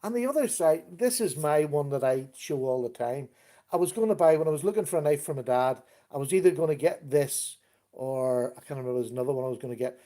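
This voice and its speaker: A middle-aged man chats casually on his live stream, greeting viewers one by one. His voice is warm and mellow, sitting a little high for a man. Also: expressive, fast talker. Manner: chatty, greets viewers by name, easygoing. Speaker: livestream host.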